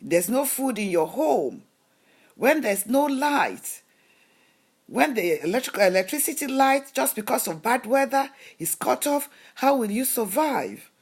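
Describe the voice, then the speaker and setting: Woman vlogger, husky voice, lively swooping pitch, preachy rhetorical questions. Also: measured pace. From lives in Canada. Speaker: lifestyle vlogger. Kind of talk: motivational talk to camera.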